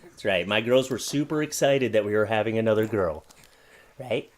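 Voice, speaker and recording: A man hosting a casual home vlog, talking playfully and gently to his baby in his home office. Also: lowish voice, normal speed, a little hiss or hum. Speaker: YouTube host and new father. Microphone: studio microphone.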